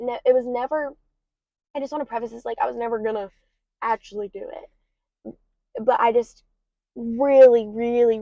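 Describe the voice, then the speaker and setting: Young woman with a gravelly, higher voice. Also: mellow, dry recording. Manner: candid, rambling, many ums and likes. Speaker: podcast host. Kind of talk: personal confessional podcast talk. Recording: slightly dull lo-fi recording.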